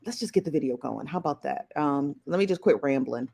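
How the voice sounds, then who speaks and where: Woman, live stream host, casual chat, lowish voice, easygoing. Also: lively intonation, brisk, gravelly, warm tone, husky. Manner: laid-back, chatty, laughs easily.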